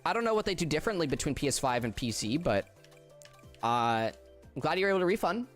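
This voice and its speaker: A tired man chats casually with his viewers during a game stream. His fairly high voice is flat and subdued, and he stumbles over restarts as he talks. Faint music plays underneath. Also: fairly quick. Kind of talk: casual livestream chat with viewers.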